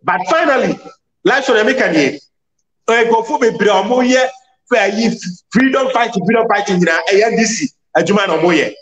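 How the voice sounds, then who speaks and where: Guy explaining his point step by step, high voice, echoey room. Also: expressive, normal speed, a bit bright. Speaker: discussion participant. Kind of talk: casual discussion in Twi mixed with English.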